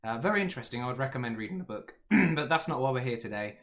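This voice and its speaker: A young man commentating casually on a football management game, chatty and rambling, his voice a little hoarse. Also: medium pitch, expressive, racing, a bit bright. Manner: chatty, rambling, with frequent ums and asides. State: slightly hoarse, losing his voice. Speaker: gaming YouTuber.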